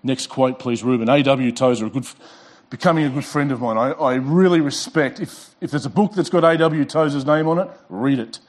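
A middle-aged man preaching a sermon in church, emphatic, rising in pitch and volume when reading scripture and slowing down to stress key words. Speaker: pastor. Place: church sanctuary.

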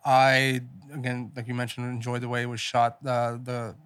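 A man's voice: medium pitch, monotone, moderate pace, fairly bright tone, smooth. Male co-host, casual film-review chat, loose and rambling with filler and the odd curse. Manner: rambling, heavy use of filler words and casual swearing. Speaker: podcast co-host.

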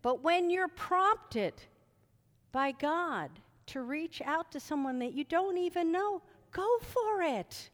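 Woman preacher, high lively voice, unhurried, bright, echoing hall. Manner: animated, shouting commands at spirits, then chatty storytelling with asides. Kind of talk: sermon. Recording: reverberant hall.

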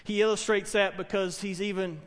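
A man's voice: high voice, level tone, a little fast, big-room sound. A man preaching a sermon, telling stories earnestly and building to emphatic proclamations. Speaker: pastor.

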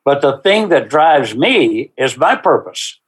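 A man's voice: medium pitch, sing-song, husky. Earnest man speaking as a guest. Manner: earnest, faith-driven, unhurried. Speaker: guest, small-group workshop facilitator. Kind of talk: interview answers.

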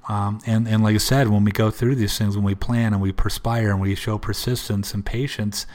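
A man's voice: on the low side, steady tone, moderate pace, darkish tone. A man hosting a solo motivational podcast, earnest and repetitive, with many restarts, talking about prayer and faith. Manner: religious, speaks of prayer. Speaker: podcast host.

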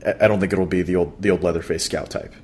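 A man with a fairly low voice co-hosts a podcast. He talks baseball in an easygoing, chatty way, full of fillers and false starts. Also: fast talker, slight background noise. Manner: relaxed, chatty, lots of fillers and restarts. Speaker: podcast co-host. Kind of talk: casual baseball chat.

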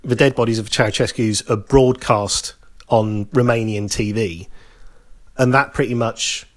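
A man's voice: lowish voice, fairly even intonation, measured pace. A man telling a history story in casual podcast chat, repeating phrases and acting out the quotes. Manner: conversational, repeats phrases, acts out quoted lines.

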